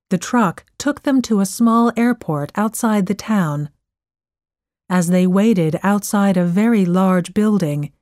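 A woman narrating a story in a clear, measured way. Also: medium pitch, mellow, no room sound, clean studio sound. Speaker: audiobook narrator.

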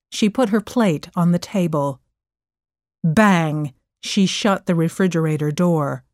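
A woman narrating a storybook chapter in a careful, expressive reading voice. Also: fairly low pitch, no room sound, studio quality.

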